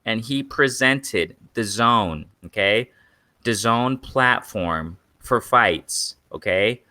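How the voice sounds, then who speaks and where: Man rambling excitedly on a live stream. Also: lowish voice, takes it slowly, no room sound. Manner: rambling, repetitive, addresses viewers as guys. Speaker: boxing channel host. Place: in Mexico.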